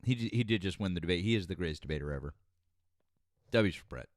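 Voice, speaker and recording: A man's voice: deep voice, expressive, fast, no room sound, studio quality. A man hosting a live political call-in stream, teasing and joking with callers. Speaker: host. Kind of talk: casual live call-in chat.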